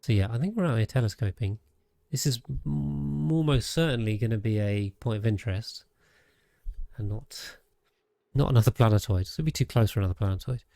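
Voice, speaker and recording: A man's voice: mid-range voice, a little fast, creaky, dark tone, no room sound. A man streaming a game, thinking aloud in casual commentary with frequent restarts and trailing sentences.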